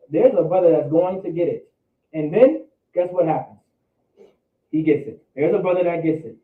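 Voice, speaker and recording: A man's voice: fairly high pitch, moderate pace, phone-quality sound. Man, Bible teacher, slangy preaching, repeats himself; distant, echoey, phone-thin audio.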